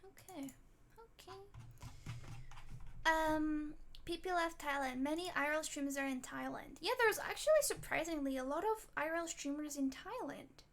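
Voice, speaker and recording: A woman's voice: high voice, moderate pace. A woman streamer chatting casually with her viewers, reacting aloud and talking straight to chat.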